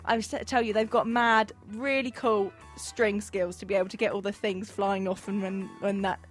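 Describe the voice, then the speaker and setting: A woman's voice: mid-range voice, little pitch movement, moderate pace, soft background music. A woman co-hosting a casual chat, gushing enthusiastically about films. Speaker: co-host.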